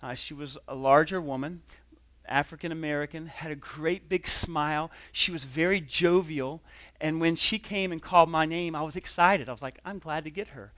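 A man's voice: on the high side, steady tone, normal speed, a bit bright, no room sound. A man giving a conversational sermon as a pastor, telling a personal story with frequent restarts and quoted dialogue.

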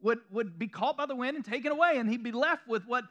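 Southern male pastor, high bright voice, preaches in a loose conversational way with chuckles and self-deprecating asides. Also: animated, fast, lo-fi sound. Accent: Southern American. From Southern United States. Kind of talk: sermon. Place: church room before a congregation.

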